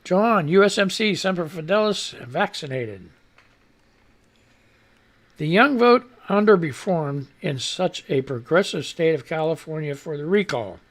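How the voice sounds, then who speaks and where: A man's voice: on the high side, animated, measured pace. A man hosting a live radio stream, rambling through casual news commentary with frequent swearing, restarts and stumbles over his words. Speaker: radio show host.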